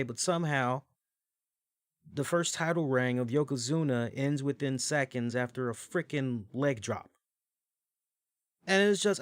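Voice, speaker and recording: A man in his forties hosting a podcast, telling stories in casual, animated commentary, with swearing and frequent fillers. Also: fairly high pitch, clean tone, no room sound, clean studio sound. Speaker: podcast host. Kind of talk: casual wrestling review commentary.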